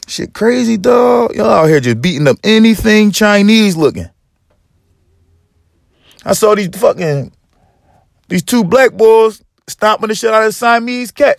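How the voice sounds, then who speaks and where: A man with a gravelly, somewhat high voice rants through a profane comedic monologue. He acts out the people in his stories and climbs into yelling. The sound is dry and close, with faint music underneath. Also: unhurried, pauses often, no echo. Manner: animated storytelling, voices other people, rises to yelling. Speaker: podcast host.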